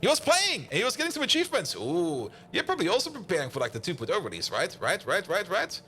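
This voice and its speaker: A man's voice: high-pitched, huge pitch swings, fast talker, pushed and bright, slight background noise. A man with a German accent chatting and laughing through a game stream. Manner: rambling, laughs often, talks to chat. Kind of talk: casual gaming commentary.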